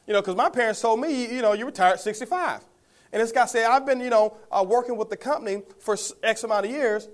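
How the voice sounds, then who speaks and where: Fast-talking energetic motivational man. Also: high voice. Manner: energetic, folksy, addresses audience as guys. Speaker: network marketing speaker. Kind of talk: motivational testimonial talk.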